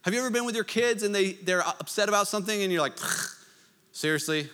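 Man, pastor, sermon, high bright voice, joking asides, loud then hushed, reverberant church hall. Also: very fast.

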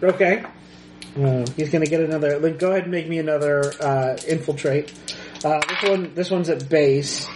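A man narrating as game master of a tabletop game, hesitant and full of pauses. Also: on the high side, fairly even intonation, reverberant, noisy background. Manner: hesitant, lots of ums.

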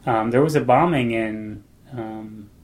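A man co-hosting a comedy podcast, talking in a deadpan, hesitant, mock-earnest way. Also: mid-range voice, slow pace. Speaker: podcast co-host.

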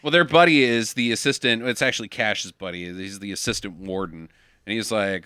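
Man, wry plot recap, podcast chat, bright tone. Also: on the low side, brisk, clean tone, no echo, clean studio sound. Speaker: podcast co-host. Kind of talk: casual movie-recap chat.

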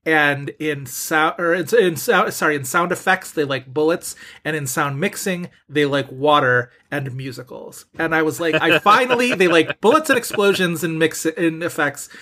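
A man's voice: on the high side, normal speed, hardly any pauses, sharp tone. A man co-hosting a podcast, chatting casually and opinionatedly about film awards, rambling with restarts. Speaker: podcast co-host. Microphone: desk mic, typing while talking.

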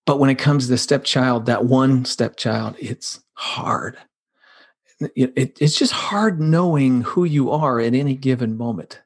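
A man talks through stepfamily struggles on a podcast, earnest and conversational. His voice sits at an ordinary middle pitch. He builds his points with plain, vivid pictures. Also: measured pace. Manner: earnest, explains with vivid doorstep images. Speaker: podcast guest, blended family counselor.

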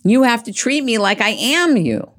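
An older woman hosting her own show, delivering an emphatic, rambling monologue and dropping her voice low for asides. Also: very animated, moderate pace. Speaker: host. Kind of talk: opinionated monologue.

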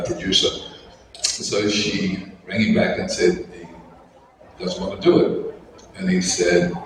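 A man's voice: low voice, far from the mic. An older man with an Australian accent, a guest on a convention panel telling anecdotes with chuckles and acting out the people he quotes. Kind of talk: anecdotal storytelling. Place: large convention hall. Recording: echoey hall with crowd noise.

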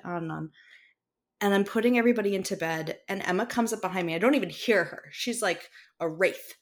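A woman co-hosting a podcast, telling a casual story about her child with quick asides and acted-out dialogue. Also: medium pitch. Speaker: podcast co-host and mother.

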